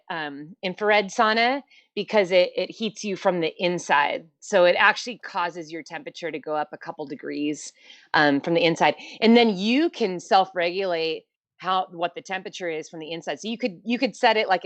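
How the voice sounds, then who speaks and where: A woman's voice: on the low side, normal speed, fairly bright tone, dry recording. A woman guest on an interview show, chatting casually over a video call, laughing often and using many fillers. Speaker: guest ultrarunner.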